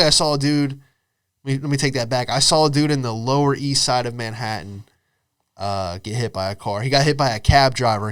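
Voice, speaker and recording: A man's voice: medium pitch, fairly bright tone, clear, resonant tone, dry recording, clean studio sound. A young man hosting a podcast, telling rambling comic stories in casual chat, full of "dude" and "you know". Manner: rambling, laid-back, says dude and you know a lot. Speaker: podcast host and comedian.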